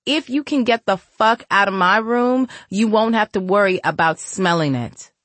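A woman plays a young woman sunk in grief, snapping bitterly and near tears. Her voice rises high and strained. The recording is dry and close. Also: moderate pace, a bit bright, dry recording, lightly acted. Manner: bitter, tearful.

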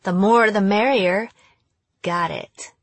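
A woman's voice: medium pitch, dry recording. A woman voicing a mocking teenage girl who acts possessed and fires sly questions. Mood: taunting. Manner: taunting, sly, rapid questioning.

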